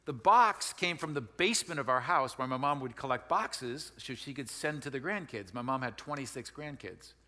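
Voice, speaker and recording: A man's voice: medium pitch, animated, normal speed, few pauses, bright, forceful tone. A middle-aged man from Wisconsin, a pastor giving a conversational, folksy sermon and often repeating and restarting his phrases. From Wisconsin, United States. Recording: long hall reverb.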